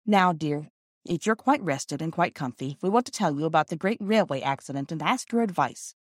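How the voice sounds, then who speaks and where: A woman reading the part of a calm, kind Victorian mother in an audiobook, speaking softly and coaxingly. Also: sits low, a little fast, no echo, studio quality.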